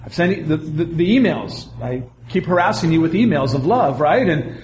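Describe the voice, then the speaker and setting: Man preaching, high voice, animated, quick asides, faint hiss behind. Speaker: pastor. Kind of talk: sermon.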